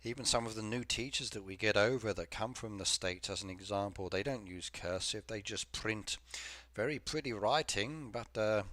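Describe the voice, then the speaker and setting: Chatty low-voiced male game streamer. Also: moderate pace, fairly bright tone, no room sound. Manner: chatty and rambling, reads viewer comments aloud; frequent fillers and repeated yeses. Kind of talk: casual live-stream chat.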